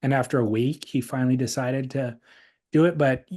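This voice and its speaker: A man in the middle of his range, hosting a laid-back podcast conversation. He talks things through in a reflective, measured way and works out his own view as he goes. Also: mid-range voice, fairly even intonation, a little mellow. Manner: reflective, reads listener letters aloud. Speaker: podcast host. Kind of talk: casual podcast chat.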